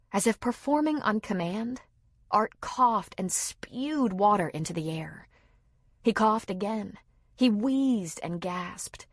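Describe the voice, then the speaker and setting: A woman reading a novel aloud in steady, measured scripted narration. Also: medium pitch, slightly rough, no echo, studio quality. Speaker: audiobook narrator.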